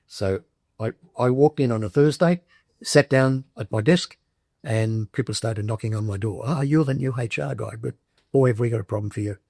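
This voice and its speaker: Husky older Australian man, matter-of-fact. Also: fairly low pitch, mellow, no echo, studio quality. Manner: matter-of-fact, step-by-step storytelling. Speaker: veteran interviewee. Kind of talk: documentary interview, recounting a career.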